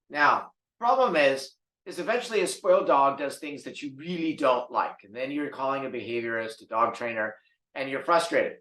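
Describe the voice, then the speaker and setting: Man, dog trainer, podcast monologue; somewhat raised pitch, emphatic delivery with repeated words, roomy echo. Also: fairly bright tone.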